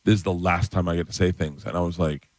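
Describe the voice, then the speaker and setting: Comedian in his 50s, low voice, lively storyteller, dry studio sound. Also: fast, no room sound. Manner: animated storyteller, acts out quoted voices in a higher pitch. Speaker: stand-up comedian guest. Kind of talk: storytelling on a radio show.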